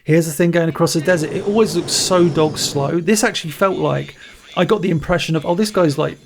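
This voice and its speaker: A man hosting a podcast, chatting casually about a movie with animated storytelling and frequent restarts. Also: on the high side, a little fast, vocal fry, noisy background. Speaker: podcast host. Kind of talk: casual movie review chat.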